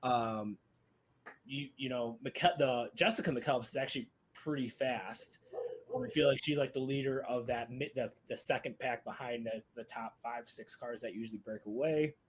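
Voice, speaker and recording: Man, podcast host, excitable, quick to laugh, mid-pitched voice. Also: husky. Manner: excitable, laughs often, stumbles over words. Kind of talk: casual podcast chat.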